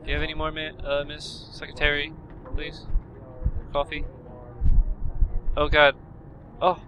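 Man, let's-play commentary, frantic self-talk, sudden loud outbursts, raised pitch. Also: monotone, unhurried, lo-fi sound. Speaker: gaming commentator.

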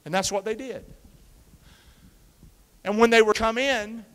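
A male pastor preaching an animated call-and-response sermon, coaxing the congregation to repeat after him and using football pep-talk imagery. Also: sits high, a little slow, smooth. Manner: energetic, coaxes the congregation to repeat lines. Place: church sanctuary with a congregation. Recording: long reverb of a large church hall.

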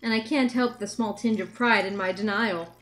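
A woman reading a novel aloud in steady, wry narration, breaking off for joking asides. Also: medium pitch, moderate pace, a little hiss or hum. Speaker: reader.

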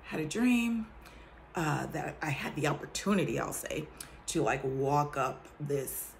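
Lady vlogging her faith story, low voice with some gravel, laughs a lot. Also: measured pace, a little hiss or hum. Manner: animated, laughs often, addresses viewers directly. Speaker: vlogger sharing a faith testimony. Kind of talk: casual testimony chat.

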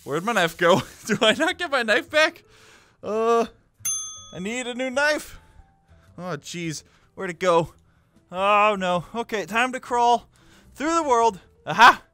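A man's voice: high voice, pushed and bright, no echo. A man giving playful, joking commentary while playing a cooking game. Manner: playful, joking, talks to the screen. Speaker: gaming YouTuber. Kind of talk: let's play commentary.

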